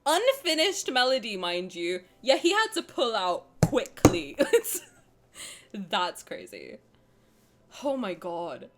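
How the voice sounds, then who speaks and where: A woman's voice: medium pitch, big pitch swings, takes it slowly, a bit bright, a little hiss or hum. A woman streamer reacting on a livestream, laughing hard and swearing casually, crying with laughter.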